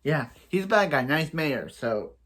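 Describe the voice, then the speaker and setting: A man's voice: on the high side, sing-song, a little slow, fairly bright tone. Rambling young man recapping a TV episode. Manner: rambling, repetitive, playful with sound effects. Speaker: TV episode reviewer.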